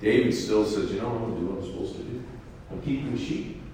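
A man preaching, reading scripture aloud and then commenting on it in a folksy, animated way. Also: on the low side, fast, a little hiss or hum. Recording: echoey hall from far off.

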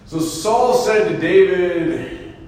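A man's voice: high-pitched, slow pace. Preacher man echoing in a hall. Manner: reads scripture, then comments in an animated, folksy way. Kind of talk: scripture reading with sermon commentary. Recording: echoey hall from far off.

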